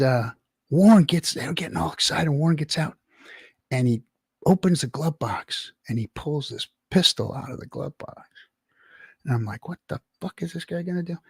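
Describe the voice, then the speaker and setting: A man's voice: high-pitched, gravelly, breathy edge, dry recording, clean studio sound. A middle-aged man from California, hosting a livestream and telling a rowdy, profanity-laced story between laughs and reading the chat. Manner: animated, swearing, laughing anecdote. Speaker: livestream host.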